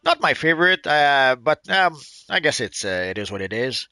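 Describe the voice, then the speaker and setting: A man's voice: a little high, very animated, moderate pace, bright, forceful tone, smooth, no echo. Hesitant man with a Quebec French accent. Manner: hesitant, lots of uh and restarts, dry teasing. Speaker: stream host. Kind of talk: casual live-stream chat.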